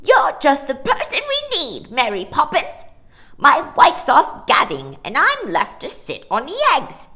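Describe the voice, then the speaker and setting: A woman voicing a pompous male macaw in a storybook reading, shrill, loud and chattering. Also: huge pitch swings, a little slow, heavily acted. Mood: bossy.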